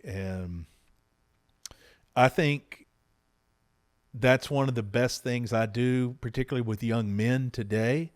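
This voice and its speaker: A man's voice: mid-range voice, slow pace, pauses often. A middle-aged man hosting a podcast, talking earnestly and openly about his family with his spouse. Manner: earnest, reflective and openly heartfelt. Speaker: podcast host. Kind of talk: candid conversation with his spouse.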